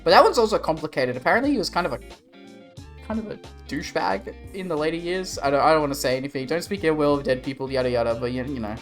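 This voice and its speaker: A man's voice: on the high side, lively intonation, quick pace, faint music behind. A young Australian man chatting casually with his stream viewers, rambling and swearing in a laid-back way. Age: young adult. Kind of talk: casual livestream chat.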